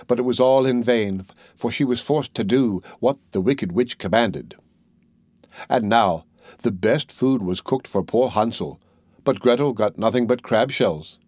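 A man narrating a fairy tale in a measured, steady storytelling manner. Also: medium pitch, no echo, studio quality. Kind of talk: storybook reading.

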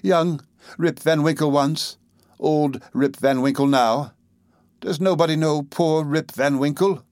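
A man doing bewildered old Rip, high and pleading. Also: a little slow, darkish tone, no room sound, clean studio sound, natural voice.

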